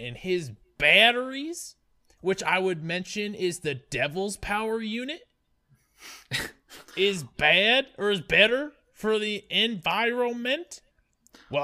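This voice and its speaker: A man putting on a rowdy Southern good ol' boy, with a slow, boastful drawl. The voice is bright, and it swoops widely in pitch. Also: full character voice. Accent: Southern US (put on).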